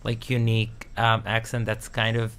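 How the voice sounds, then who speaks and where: A man's voice: on the low side, monotone, moderate pace, a bit bright, clean tone. A man from Palestine with Arabic as his first language, co-hosting a casual radio show in a playful, joking way. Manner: playful, laughs often. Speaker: co-host.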